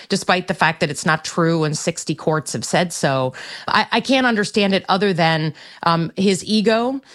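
A middle-aged woman senator answering interview questions in a measured, firm way. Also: low voice. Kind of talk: political interview.

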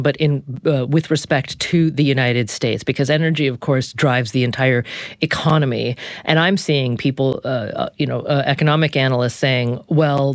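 A woman's voice: deep voice, dry recording. Woman talk-radio host, articulate interviewer, dry studio sound. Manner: articulate, interjects to steer guests. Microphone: studio microphone.

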